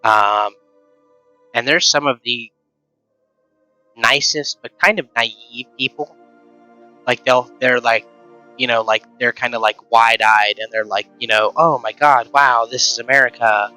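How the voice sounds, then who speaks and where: A man's voice: mid-range voice, steady tone, slow, long pauses, sharp tone, soft background music, rough recording. Sarcastic rambling male streamer. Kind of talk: casual rant while streaming.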